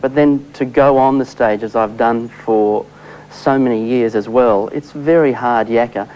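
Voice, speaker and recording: Brief: wry, relaxed Australian male performer. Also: medium pitch, measured pace, lo-fi sound, slight background noise. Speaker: stage performer, guest. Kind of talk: talk-show chat.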